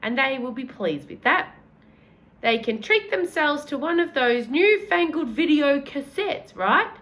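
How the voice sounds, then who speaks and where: A woman voicing a kindly, gentlemanly old male tramp who talks in a polite, old-fashioned, fatherly way. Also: high voice, animated, a little slow, pitched above the performer's own voice. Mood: genteel.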